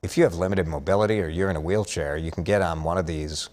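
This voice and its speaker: A man's voice: deep voice, quick pace, a little mellow. A man hosting a casual morning news update, chatty and upbeat, reading out viewer comments with joking asides.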